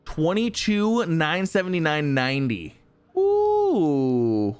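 A young man giving excitable let's-play commentary, chuckling and talking to the enemies he fights. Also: medium pitch, unhurried, pauses often. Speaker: gaming YouTuber.

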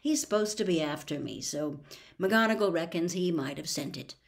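A woman's voice: lowish voice, lively intonation, normal speed, vocal fry. A woman voicing a weary, subdued teenage boy in a storybook reading. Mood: gloomy. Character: gloomy teenage boy wizard.

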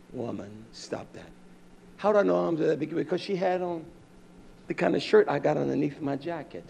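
A man preaching a fiery, scolding sermon that swings from loud outbursts to quiet asides. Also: fairly high pitch, vocal fry, a little hiss or hum.

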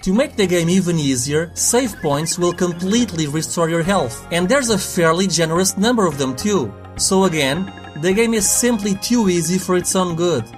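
Reviewer voice-over: young man, blunt and snarky, higher-pitched delivery, swears for punch. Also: animated, normal speed, few pauses, soft background music. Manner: sarcastic, blunt, swears for emphasis. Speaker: retro game reviewer. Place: voice-over over game footage.

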